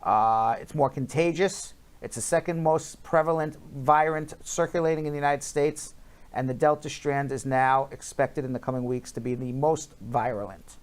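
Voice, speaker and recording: A man's voice: mid-range voice, moderate pace. Male host, casual headline chat, playful delivery, leans on figures. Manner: chatty, jokey, drawls out numbers.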